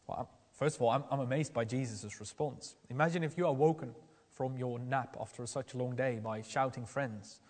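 A man's voice: medium pitch, normal speed, darkish tone, big-room sound. A man preaching a sermon in an earnest, questioning way, often restarting his sentences.

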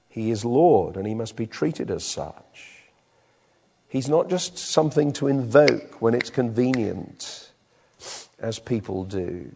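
A British man preaching a sermon with an animated, emphatic delivery in a church hall. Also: medium pitch, creaky. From Britain. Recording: long reverb in a hall.

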